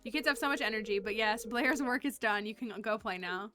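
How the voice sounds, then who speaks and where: A woman's voice: fairly high pitch, fairly even intonation, quick pace, sharp tone, faint music behind. A woman reading as a doting single mother. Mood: fond scolding. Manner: affectionate, sprinkles Spanish endearments. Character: warm doting middle-aged single mother.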